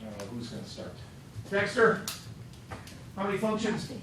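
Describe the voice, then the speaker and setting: A man's voice: high voice, sing-song, a little slow, fairly bright tone, slight background noise. A male math teacher lecturing a class, quizzing students with upbeat joking asides. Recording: echoey classroom, mic far off.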